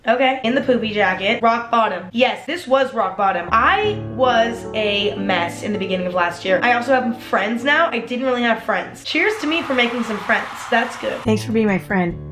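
A woman's voice: fairly high pitch, animated, moderate pace, roomy sound, music in the background. A young woman vlogging casually, sarcastic and self-deprecating, swearing often. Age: young adult. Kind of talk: casual vlog commentary.

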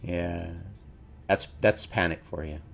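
A man's voice: low voice, fairly even intonation, takes it slowly, gravelly, soft background music. A man commenting on his own gameplay, mocking his mistakes, laughing often and acting out his inner voice. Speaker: gamer streamer.

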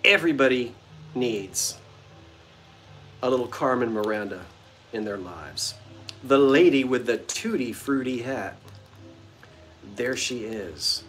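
A man's voice: medium pitch, expressive, takes it slowly, pauses often, a bit bright, soft background music. A man hosting a vintage-goods live stream from a house's front porch, chatting playfully and joking with his viewers. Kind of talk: casual live-stream chat. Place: front porch of an old bungalow at sunset.

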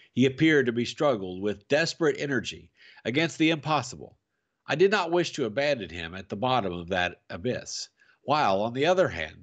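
Male storyteller, family read-aloud, animated, middle pitch. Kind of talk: reading a novel aloud to families.

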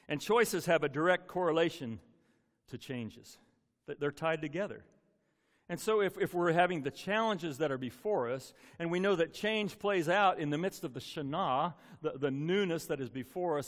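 Man, senior pastor, folksy conversational sermon, slightly high voice, long church reverb. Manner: conversational, folksy, repeats words and restarts. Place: church sanctuary.

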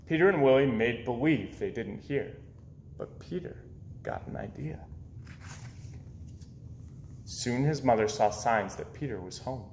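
A man reading children's picture books aloud in an expressive storytelling voice. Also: mid-range voice, a little slow, long pauses, reverberant, a little hiss or hum. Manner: expressive, with swoops up and down. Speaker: children's book reader.

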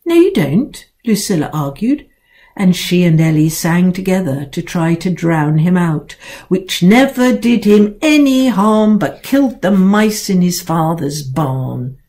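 An older woman, an author, reading her own children's book aloud in an expressive, playful way. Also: fairly low pitch, unhurried.

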